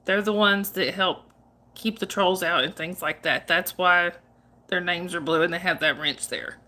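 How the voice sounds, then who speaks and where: Woman streamer, casual and chatty, crisp bright tone, laughs a lot, talks warmly to chat. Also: lowish voice, normal speed. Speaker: livestream host. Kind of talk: casual livestream chat reading viewer comments.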